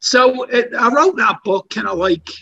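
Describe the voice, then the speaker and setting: A man's voice: very high voice, expressive, measured pace, gravelly, bright, forceful tone, dull audio, slight background noise. A Scottish man guest, an author and coach, telling his story bluntly and casually, with some swearing. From Scotland. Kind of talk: relaxed interview storytelling.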